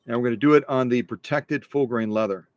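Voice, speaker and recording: A man's voice: medium pitch, fairly quick, no echo. A man restoring sewing machines, talking casually through a stitching demo in his workshop, repeating phrases and breaking into playful mock rants.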